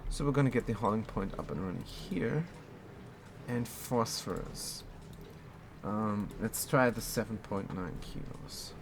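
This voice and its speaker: A man's voice: fairly low pitch, expressive, a little slow, background noise. A man from Germany casually commenting on his game while answering chat in a laid-back way. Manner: laid-back, reads chat aloud, chuckles often. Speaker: streamer.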